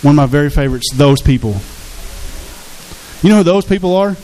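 A man's voice: on the high side, lively intonation, brisk, mellow, slight background noise, poor audio. A man preaching a sermon as pastor, earnest and conversational, acting out quotes from his congregation.

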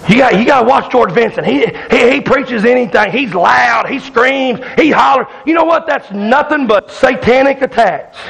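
A man preaching a fiery sermon, loud and hollering, calling out to his congregation in a church. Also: extremely high pitch, vocal fry, rough recording. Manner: loud, hollering Southern-style preaching with call-outs to the congregation. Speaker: pastor.

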